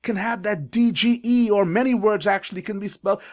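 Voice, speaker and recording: A man's voice: sits high, brisk, a little mellow. A middle-aged man coaching parents on reading, who sounds out syllables and spelling rules with emphasis. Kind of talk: instructional video for parents. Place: classroom or school office.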